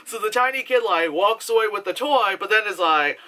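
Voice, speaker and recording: A woman's voice: medium pitch, brisk. A young woman casually reviewing a film, rambling and swearing freely with lots of filler words, often laughing as she retells scenes. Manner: laughs while talking, animated retelling. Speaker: movie reviewer.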